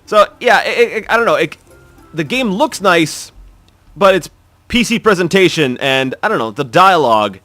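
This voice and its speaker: A man's voice: fairly high pitch, expressive, moderate pace, bright, forceful tone, no echo, faint music behind. A man casually talking through a video game playthrough, chatty, wry and rambling with restarts. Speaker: gaming video host.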